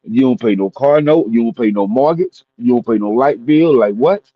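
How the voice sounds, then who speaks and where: A man co-hosts a casual podcast chat and rants bluntly, swearing often. His voice sounds dull and dry, as if from a low-grade mic in a deadened space. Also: no echo. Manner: blunt, swears often, quick ranting bursts. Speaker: podcast co-host.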